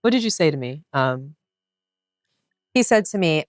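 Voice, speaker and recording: A woman co-hosting a podcast in casual chat, expressive and quick to laugh. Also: sits low, no room sound, clean studio sound. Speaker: podcast co-host.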